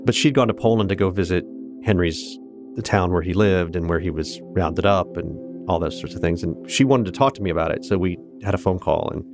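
A man's voice: low voice, a little fast, over music. A man in his fifties from Kansas, a guest telling his own story earnestly and reflectively, with hesitant restarts. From Kansas, USA. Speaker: interview guest. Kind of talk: personal storytelling in conversation.

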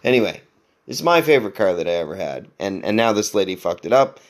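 A man's voice: on the low side, very animated, quick pace. A man hosting a podcast, telling a long story casually, with lots of swearing, restarts and laughter. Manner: rambling, profane, self-mocking, laughs often. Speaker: podcast host.

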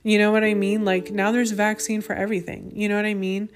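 A woman's voice: medium pitch, flat delivery, fast talker. A woman in her thirties or forties hosting a faith podcast, speaking indignantly in a casual monologue, with many restarts and asides. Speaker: podcast host.

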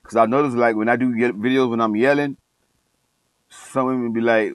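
A man's voice: mid-range voice, steady tone, normal speed, smooth, no echo, rough recording. Emphatic, repetitive preaching man. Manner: emphatic, repeats phrases, calls himself passionate. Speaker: coach and online commentator. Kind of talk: passionate preachy monologue.

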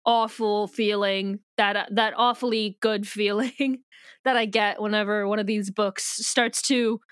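A woman's voice: mid-range voice, steady tone, measured pace, smooth, no echo. A woman co-hosting a casual book podcast, retelling the plot at length and reading passages aloud. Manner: rambling, with many fillers and restarts. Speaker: podcast co-host.

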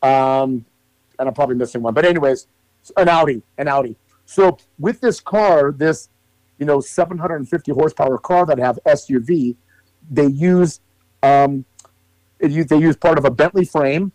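A man co-hosting a casual podcast, rambling through long explanations with plenty of fillers and a bit of swearing. His voice sits a little high for a man. The sound is close and dry, with no room echo. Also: moderate pace, a little mellow. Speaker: podcast co-host. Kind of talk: casual chat.

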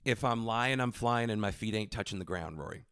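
A man co-hosting a podcast, telling a funny story in an animated way and slipping into put-on voices. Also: fairly low pitch, fairly quick, clean tone, dry recording, clean studio sound. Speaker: podcast co-host. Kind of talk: comedic storytelling.

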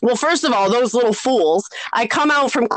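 Animated woman in her thirties telling a story. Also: normal speed, no room sound. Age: 30s. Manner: animated, acts out quoted voices with big pitch jumps; laughs often while telling the story. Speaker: podcast co-host. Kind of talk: casual storytelling chat.

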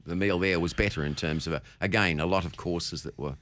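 A man being interviewed on a radio wine show, talking in a relaxed, rambling way with hesitations. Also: deep voice, brisk, a little hiss or hum. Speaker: wine guest.

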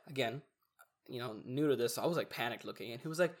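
A young man in casual podcast chat, telling stories in an animated way and acting out what other people said. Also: mid-range voice, quick pace. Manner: animated storytelling, acts out quoted voices. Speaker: podcast co-host.

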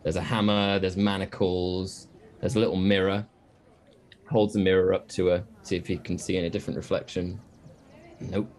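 A man playing a tabletop game, musing out loud about his character's actions with many fillers. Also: sits low, flat delivery, moderate pace. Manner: musing, thinks aloud with fillers. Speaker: player. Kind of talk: casual tabletop game play.

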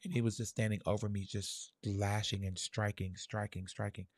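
Young guy telling a story from his childhood, kinda low voice, soft and halting, lots of "like", dry close sound. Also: little pitch movement, no room sound. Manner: soft, halting, reflective, many fillers. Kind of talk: personal storytelling.

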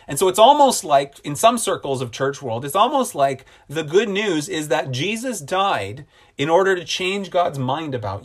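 A man preaching a sermon as a pastor, earnest and repeating phrases for emphasis, slowing down on key lines. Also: a little high.

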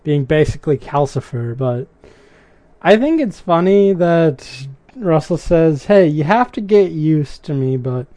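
A man's voice: a little high, lively intonation, unhurried, warm tone, dry recording. A man giving a casual recap of a show's episode, adding chatty asides and his own opinions. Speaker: show recapper.

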